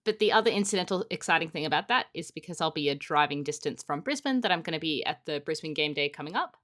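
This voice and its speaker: A woman co-hosts a board game podcast and chats with animated enthusiasm. Her voice sits lower than most women's. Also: fast talker. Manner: upbeat, animated storytelling. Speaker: podcast co-host. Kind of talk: casual chat.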